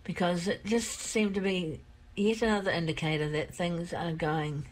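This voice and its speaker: An older woman with a croaky throat, telling a personal story in a rambling, candid way. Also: fairly low pitch, fairly even intonation, moderate pace, slight background noise, poor audio. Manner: rambling, candid, repeats herself. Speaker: vlogger.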